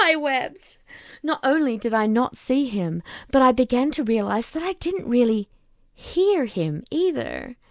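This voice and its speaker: Brief: woman audiobook reader, unhurried and animated, slightly high, dry close sound. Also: dry recording. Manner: slow, expressive narration. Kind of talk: reading a novel aloud.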